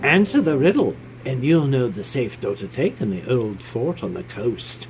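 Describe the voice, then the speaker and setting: A grinning goblin poses a riddle from a game's text. A man reads him out at a middling pitch and in his own unaltered voice. Soft background music plays under the reading. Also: sing-song, normal speed. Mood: sly. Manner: read aloud in a plain voice.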